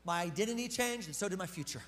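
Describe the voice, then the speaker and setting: Man, high voice, casual emphatic sermon, pastor, echoing church hall. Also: animated, quick pace, fairly bright tone. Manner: conversational, emphatic preaching. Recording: long reverb of a hall.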